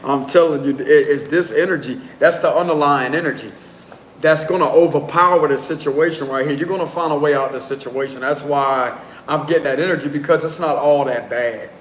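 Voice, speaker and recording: A man's voice: fairly high pitch, a little fast. A man doing a casual live tarot reading, talking in a loose, slangy way and prone to giggling. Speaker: tarot reader. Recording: roomy echo, faint background noise.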